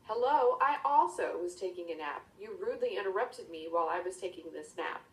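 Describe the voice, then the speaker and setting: A woman's voice: lowish voice, lively intonation, a little fast, close to an everyday voice. A woman voicing a huffy owl, indignant and prim. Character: grumpy woken-up owl, huffy. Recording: roomy, distant mic.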